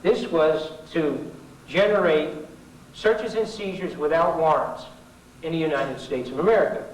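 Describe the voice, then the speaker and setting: A man's voice: fairly high pitch, unhurried, slight background noise. A middle-aged man giving an informal political talk to an audience, folksy and sarcastic, rambling with asides. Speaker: public speaker. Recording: echoey 1990s hall recording from far off.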